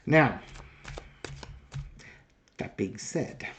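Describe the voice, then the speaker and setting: A man's voice: fairly low pitch, lively intonation, very slow, fairly bright tone, slight background noise. Sarcastic man hosting a tarot reading. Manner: sarcastic, exasperated, rambling with fillers. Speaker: tarot reader and channel host. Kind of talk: casual monologue with a tarot reading.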